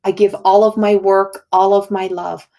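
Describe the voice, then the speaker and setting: A woman's voice: medium pitch, little pitch movement, moderate pace, dark tone. Earnest rambling woman healer. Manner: earnest, rambling with many restarts. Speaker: spiritual healer and teacher. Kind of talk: casual livestream talk.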